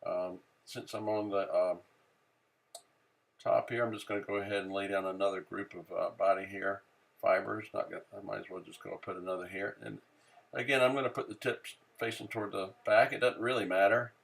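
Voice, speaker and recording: Low gravelly man explaining a craft. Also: brisk. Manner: relaxed, many "uh" fillers, thinking aloud while working. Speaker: fly tying instructor. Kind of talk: casual how-to narration.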